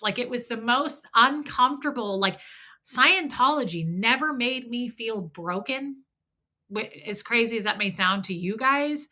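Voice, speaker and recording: A middle-aged livestream host, a little congested, talks frankly and meanders while saying hello to viewers by name. She speaks unhurriedly in a fairly high, expressive voice that is pushed and bright.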